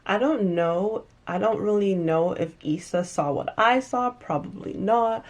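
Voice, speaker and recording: A woman casually recapping and reviewing a TV episode, animated and emphatic, often restarting sentences. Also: medium pitch, a little slow.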